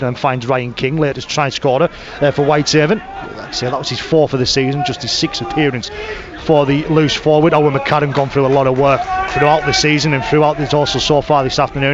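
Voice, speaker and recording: A man giving live rugby league radio commentary, naming each pass and tackle in quick succession. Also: mid-range voice. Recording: lo-fi radio broadcast audio.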